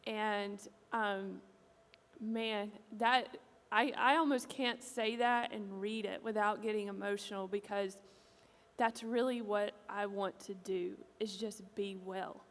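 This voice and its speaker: Pastor's wife talking slow and thoughtful, pretty flat voice, echoey hall. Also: female voice, medium pitch. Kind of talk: stage conversation to a congregation. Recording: long hall reverb.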